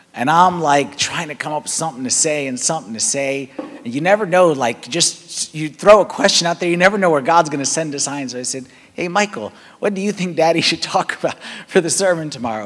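A man, a priest giving a conversational, animated sermon. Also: medium pitch. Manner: conversational, animated preaching with rising emphasis. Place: large church hall. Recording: long church reverb.

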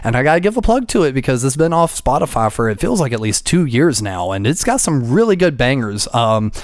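A man's voice: mid-range voice, sing-song, a little fast, dry recording. A man hosting a podcast in loose, profane casual chat, laughing often. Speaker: podcast host.

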